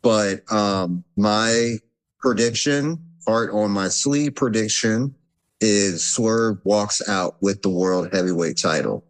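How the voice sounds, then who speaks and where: A man's voice: lowish voice, slow. A man appearing as a podcast guest, chatting in an earnest, reflective way. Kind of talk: casual chat.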